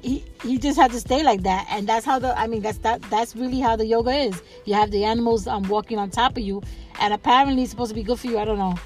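A woman with a somewhat high voice hosts a casual solo podcast, rambling and restarting with plenty of fillers and easy laughs. She talks into a podcast microphone, with faint music in the background. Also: fast. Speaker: podcast host.

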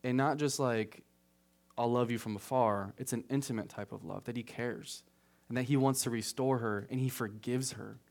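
A man preaching a casual, conversational sermon as pastor, often checking in with "right?", getting animated on asides and dropping quiet on serious points. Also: normal speed. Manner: conversational, keeps asking "right?"; rises animated at asides, drops low on solemn points.

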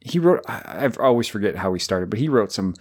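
Low-voiced rambling man chatting about films. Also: expressive, quick pace, darkish tone. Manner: rambling, jokey, many fillers and restarts. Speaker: podcast co-host. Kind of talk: casual film discussion.

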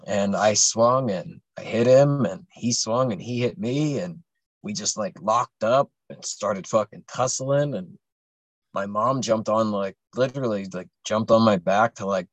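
A man's voice: on the low side, no echo, muffled recording. A young adult man casually telling a long personal story on a podcast, rambling and profane, with many fillers and restarts.

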